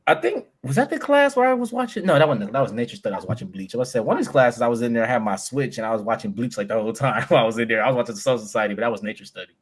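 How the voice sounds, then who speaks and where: A man's voice: medium pitch, expressive, racing, few pauses, husky. A man in his thirties, a podcast co-host, telling a story in casual, profane chat and laughing often.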